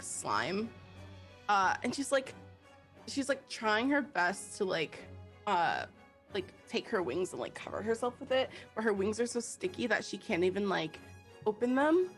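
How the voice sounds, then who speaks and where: A woman's voice: medium pitch, very animated, normal speed, soft background music. A woman playing a tabletop game, describing her character casually with lots of fillers. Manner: rambling with many fillers. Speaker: player.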